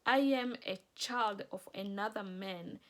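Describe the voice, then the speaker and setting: Earnest, slow-spoken woman author. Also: mid-range voice. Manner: earnest, emphatic, emotional. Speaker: author promoting her books. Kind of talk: personal testimony vlog.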